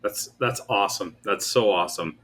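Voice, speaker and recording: A man with a somewhat low voice hosts an interview, reacting warmly and posing questions in a relaxed way. His voice sits a bit back from the mic. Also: normal speed. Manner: friendly, encouraging reactions. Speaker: podcast host, interviewer. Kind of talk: casual interview.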